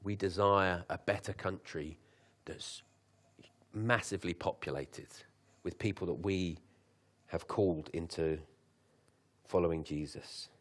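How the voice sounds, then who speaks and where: A young man preaching a sermon, chatty and joking, then reading scripture slowly with lifted emphasis. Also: deep voice, steady tone. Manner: conversational, laughs at his own asides.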